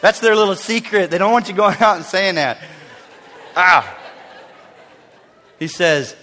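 Animated preacher in a reverberant hall. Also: male voice, high-pitched, unhurried, long pauses. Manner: animated storytelling, dramatic shifts between loud and hushed. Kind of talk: sermon. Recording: long reverb of a large hall.

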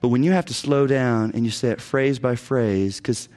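A middle-aged man teaching a lecture to biblical counselors. He acts out quoted prayers and pleas, swinging from loud and high to hushed and low, and stresses points with repeated phrases. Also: normal speed. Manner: preacherly emphasis with repeated phrases.

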